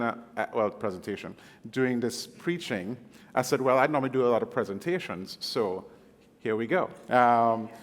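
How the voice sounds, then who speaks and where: A middle-aged man with a Caribbean accent, giving a casual, self-joking guest sermon full of fillers. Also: medium pitch. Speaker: guest preacher. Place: church sanctuary. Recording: long hall reverb.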